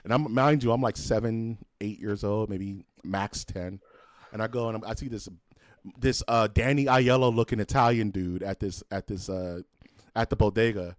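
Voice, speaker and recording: A man's voice: fairly low pitch, moderate pace, no room sound. A man co-hosting a casual podcast, telling loose, profane stories and acting out other people's voices along the way. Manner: animated storyteller who acts out voices, swears freely. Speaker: podcast co-host. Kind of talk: casual chat, storytelling.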